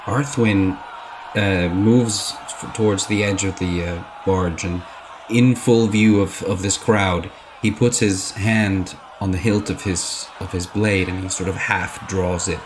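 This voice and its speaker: A man's voice: low-pitched, steady tone, takes it slowly, noisy background. A man player in a tabletop game, describing his character's actions hesitantly. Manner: hesitant, with fillers.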